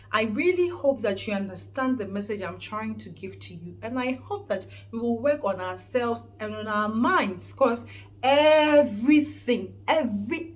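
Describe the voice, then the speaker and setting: A woman with a Ghanaian accent giving an earnest, preachy motivational vlog talk, stressing points and often restarting words. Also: a little high. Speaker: vlogger host.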